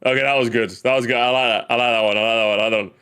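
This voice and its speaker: A man's voice: mid-range voice, fairly even intonation, very fast, pushed and bright, clean tone. A man hosting a casual gaming livestream, rambling jokily, repeating phrases and calling his viewers gamers. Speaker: livestream host.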